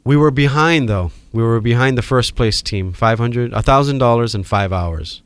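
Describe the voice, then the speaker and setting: Animated man telling a story. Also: medium pitch, normal speed, clean tone. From Hawaii. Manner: animated, acts out quoted voices. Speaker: guest. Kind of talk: casual storytelling.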